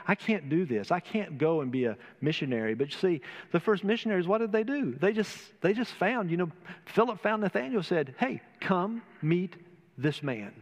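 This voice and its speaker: A man preaching an earnest sermon in a church, his voice building in emphasis and then dropping soft. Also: medium pitch, in a large hall. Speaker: pastor. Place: church sanctuary.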